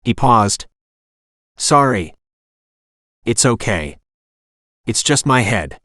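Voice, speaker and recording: Synthetic male narrator, audiobook reading, animated pitch, dry close sound. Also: slow, pauses often, no room sound. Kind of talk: scripted narration.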